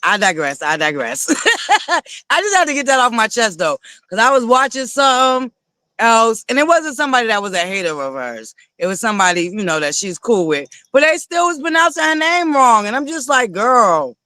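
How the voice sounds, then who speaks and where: Livestream host, male, very high and bright, sassy and profane, animated casual commentary. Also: a little fast, clean tone, dry recording. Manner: animated, sassy, swearing often, given to laughing and digressing. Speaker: livestream host reviewing reality TV.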